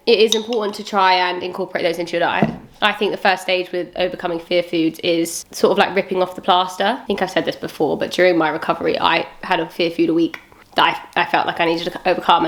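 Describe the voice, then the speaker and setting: A woman with a British accent talking candidly to camera in a casual vlog, chatty and quick to laugh, speaking from her parked car. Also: medium pitch, a little hiss or hum. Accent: British English. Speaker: vlogger.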